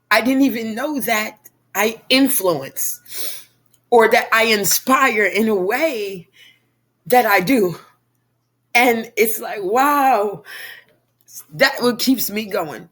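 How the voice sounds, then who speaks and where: A woman directing a personal growth class, talking in an emphatic, repetitive, preacher-like way. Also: mid-range voice. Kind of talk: motivational personal talk.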